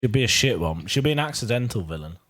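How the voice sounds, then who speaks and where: A man co-hosting a casual podcast, a little hoarse as he loses his voice, laid-back and self-mocking with quick laughs. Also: medium pitch, very animated. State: slightly hoarse, losing his voice. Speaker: podcast co-host. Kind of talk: casual chat.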